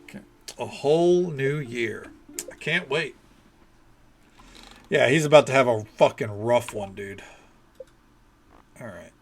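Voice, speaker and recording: Streaming a farming game, a man with a mid-range voice gives laid-back, casual commentary at a slow pace with long pauses, swearing now and then.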